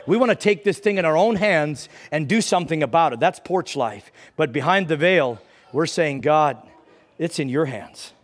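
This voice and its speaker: A man's voice: a little high, expressive, normal speed. A man preaching a sermon in church, telling a personal story with feeling and rising into fervent prayer.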